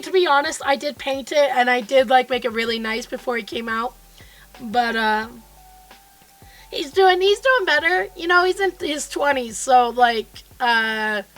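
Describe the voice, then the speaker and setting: A woman with a hoarse, froggy voice from being sick, chatting casually and cheerfully with viewers from her home basement studio. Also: high-pitched, fairly bright tone. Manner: chatty and upbeat, greeting viewers by name. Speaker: quilt designer and live streamer. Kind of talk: casual live-stream chat.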